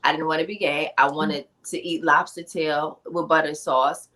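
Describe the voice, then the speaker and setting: A woman guest on a podcast, an author and speaker, telling her life story in an emphatic, animated, conversational way with slang asides. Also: low-pitched, normal speed. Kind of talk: personal storytelling in a podcast interview.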